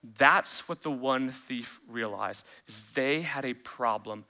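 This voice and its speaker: A man preaching a sermon as pastor, animated, acting out the voices he quotes. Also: medium pitch, takes it slowly, gravelly.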